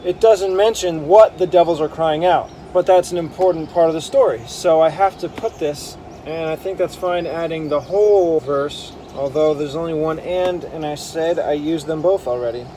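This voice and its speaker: Guy talking to himself while piecing verses together, soft warm tone, keeps second-guessing, a bit of hiss. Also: fairly high pitch, normal speed, hardly any pauses, low-quality recording. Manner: musing, self-correcting, reads verses aloud. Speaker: bible harmony editor. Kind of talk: thinking aloud while editing scripture.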